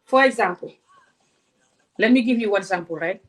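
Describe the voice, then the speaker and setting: A woman speaks straight to her camera. She is passionate and confrontational and fires off one rhetorical question after another. Her pitch sits in the ordinary middle range for a woman. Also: normal speed. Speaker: vlogger. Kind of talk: direct-to-camera rant.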